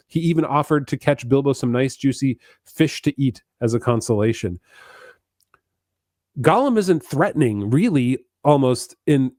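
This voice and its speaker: A man's voice: mid-range voice, darkish tone, dry recording, studio quality. A man co-hosting a podcast, talking eagerly about a book with frequent stammered restarts. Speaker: podcast co-host. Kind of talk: casual book discussion.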